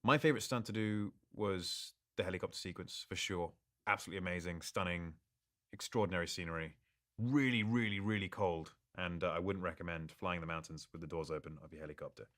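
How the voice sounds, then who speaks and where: Low-voiced man in a relaxed Q&A. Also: a little fast. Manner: reads questions aloud, relaxed and good-humored; stumbles and restarts in thought. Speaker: actor answering fan questions. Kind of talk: live social-media Q&A.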